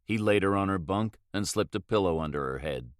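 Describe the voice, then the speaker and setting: Male narrator, low and steady, dry close read. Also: a little fast, no room sound. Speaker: audiobook narrator. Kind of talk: scripted narration.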